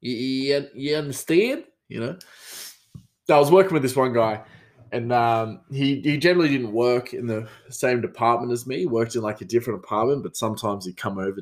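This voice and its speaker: A man hosting a podcast, with a fairly low voice. He rambles through his stories with lots of restarts and "you know"s, in a loose, casual way. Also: moderate pace. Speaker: podcast host. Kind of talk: casual storytelling monologue.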